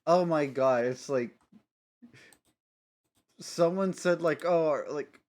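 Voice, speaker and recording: A man speaks slowly in a slightly high, darkish voice during a casual live stream. He rambles, giggles, and frequently interrupts himself mid-sentence.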